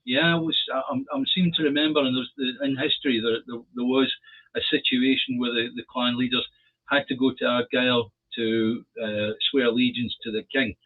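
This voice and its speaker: Male co-host, husky and fairly high, steady and defiant delivery, thin phone-like audio. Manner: measured, defiant, rambling asides. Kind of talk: casual political chat.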